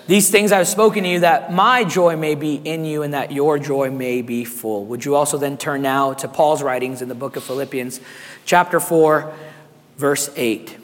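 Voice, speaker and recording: A man preaching a sermon as pastor, hoarse and raspy, animated and calling on the congregation to respond. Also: fairly high pitch, normal speed, in a large hall.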